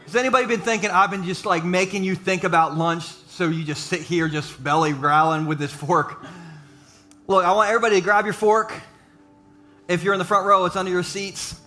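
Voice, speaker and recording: A man preaching a sermon to a live church audience, mixing jokes and quick asides with his encouragement. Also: high-pitched, steady tone, bright, forceful tone, soft background music. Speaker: pastor.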